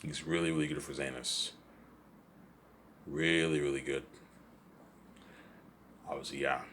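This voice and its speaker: A man's voice: very deep voice, fairly even intonation, a little slow, a bit bright, slight background noise. A man rambling in a casual solo monologue, repeating himself and often adding "you know what I'm saying.". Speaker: vlogger.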